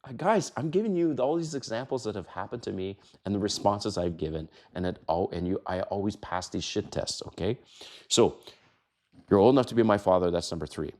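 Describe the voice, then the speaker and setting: A brash man in his fifties talks straight to the camera about dating and does not hold back on the swearing. His voice sits low, but his pitch swings widely as he punches words and drops into quick mimicry. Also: expressive, a little mellow. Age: 50s. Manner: brash, emphatic, swears, mimics quoted lines in a higher voice. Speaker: dating advice host. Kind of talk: casual talking-head advice monologue.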